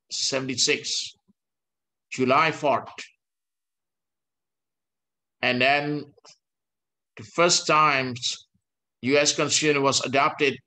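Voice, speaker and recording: An older man, a law professor giving a university lecture in English, slow and halting, with frequent pauses and restarts. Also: mid-range voice, bright, forceful tone. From Indonesia. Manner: mixes in Dutch legal text.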